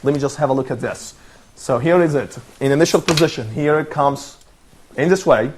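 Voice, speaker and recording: Guy teaching arabic letters on tv, patient, kinda high voice, keeps saying can you see that. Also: a little fast, slight background noise. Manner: patient, encouraging, repeats phrases. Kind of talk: teaching a lesson with a student.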